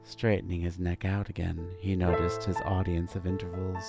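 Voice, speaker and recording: A man narrating a dark fantasy story in a measured, deliberate scripted reading. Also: low-pitched, little pitch movement, vocal fry, music in the background.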